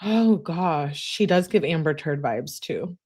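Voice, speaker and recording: A woman's voice: low-pitched, expressive, slow, darkish tone, slightly rough. A woman giving casual, sarcastic reaction commentary while reading text messages aloud, with blunt, slangy asides. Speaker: true-crime commentator.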